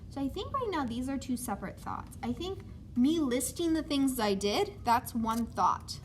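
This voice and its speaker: High-voiced woman teaching a writing lesson. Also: very animated, moderate pace, a little hiss or hum. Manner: explains step by step, often adds okay.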